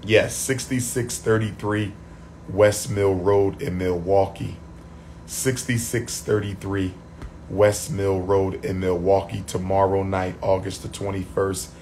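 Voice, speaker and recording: A man chatting on a livestream, losing his voice, repeating shout-outs to his viewers. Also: sits low, level tone, slow pace, slight background noise. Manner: repetitive, call-and-response shout-outs to viewers. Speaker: livestream host. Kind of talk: casual livestream chat.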